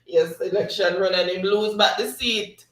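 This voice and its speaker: A man's voice: sits high, normal speed, fairly bright tone, reverberant, distant mic, low-quality recording. A man hosting a livestream, reading chat comments aloud and laughing often. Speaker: livestream host.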